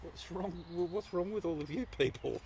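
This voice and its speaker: A nonchalant, puzzled boy, as a man telling the story puts him on. The voice is pitched well above the teller's own and stays casual. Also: moderate pace, darkish tone, a little hiss or hum. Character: nonchalant bandaged boy, a childhood friend.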